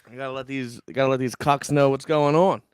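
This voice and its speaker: A man's voice: mid-range voice, steady tone, quick pace, clean tone, no room sound. A man co-hosting a sports podcast, joking around in a sleepy, casual way. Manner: jokey, sleepy, talks over co-host. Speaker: podcast co-host.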